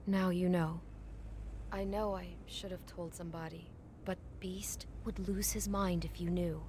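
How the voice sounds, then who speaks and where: A woman's voice: on the low side, flat delivery, a little slow, close to an everyday voice. An actress playing a nervous, secretive young woman working a hotel front desk in a video game, talking hesitantly and defensively. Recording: game audio over ambient noise.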